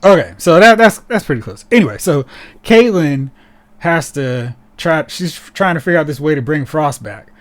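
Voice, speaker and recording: Podcast host, male, fairly high voice, lively and sarcastic in relaxed chat. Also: moderate pace. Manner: animated and sarcastic, mocking characters in put-on voices.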